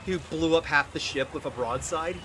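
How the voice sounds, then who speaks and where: Slightly high-voiced man running a tabletop game. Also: normal speed, pushed and bright, a little hiss or hum. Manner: descriptive, a little hesitant. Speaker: game master.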